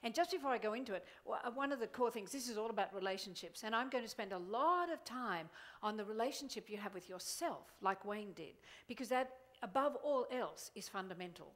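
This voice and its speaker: A woman motivational speaker giving a playful, animated conference keynote, acting out little voices as she talks. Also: fairly high pitch, fairly quick. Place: large conference hall.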